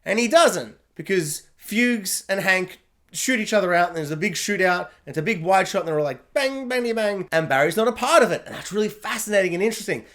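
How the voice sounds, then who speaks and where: Guy with a pretty high voice doing a chatty tv review, lots of likes, kinda meandering. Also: animated, fast, fairly bright tone. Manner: rambling, heavy on "like" fillers. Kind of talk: casual spoken review.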